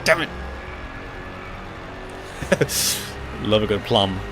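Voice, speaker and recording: A man's voice: on the low side, expressive, extremely slow, music in the background. A young man ranting and joking casually to his chat during a gaming livestream. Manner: jokey, ranting, reacts to chat, swears casually.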